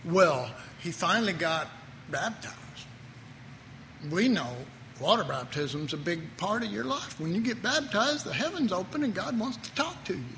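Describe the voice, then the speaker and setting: This man preaches at normal speed in a high, expressive voice with a sharp tone, recorded in an echoey hall with faint noise. He keeps things casual, interrupting himself and chuckling at his own asides.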